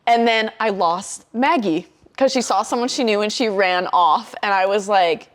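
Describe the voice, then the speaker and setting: A young woman telling a story in casual podcast chat, animated and swearing often, acting out her own quotes. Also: mid-range voice, normal speed.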